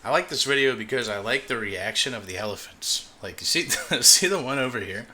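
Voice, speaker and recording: A man's voice: mid-range voice, expressive, a little fast, sharp tone. A man live-streaming, chatting casually as he reacts to a video, swearing and laughing often. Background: faint music.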